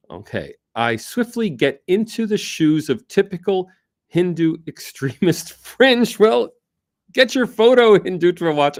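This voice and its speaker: A man talks casually to his livestream audience, his pitch swinging lively between high and low. He jokes at his own expense and chuckles often, recorded close on a webcam mic with a dry, dead sound. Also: no room sound. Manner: jokey, self-mocking, chuckles often. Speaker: livestream host.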